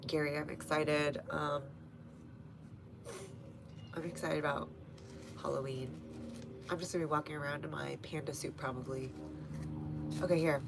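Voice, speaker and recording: A woman's voice: sits low, fairly even intonation, normal speed, gravelly, long pauses, noisy background. A young woman with a Texas accent hosting a casual gardening live stream, chatty and easygoing, answering viewers by name with frequent laughs. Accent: Texan. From North Texas. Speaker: gardening channel host. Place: home front garden, outdoors.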